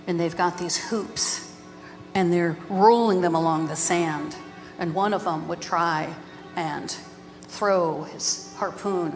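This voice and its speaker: A woman storyteller recounts a traditional tale before a live audience, her phrases gentle and rhythmic, often repeated. Her voice sits slightly low and trails off into a long hall reverb, with music clearly underscoring her. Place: live event.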